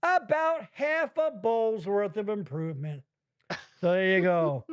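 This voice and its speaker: A man's voice: sits high, measured pace, clean tone. A man hosting a casual comedy podcast from his basement, profane and rambling, reading chat comments aloud. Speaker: podcast host. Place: home basement.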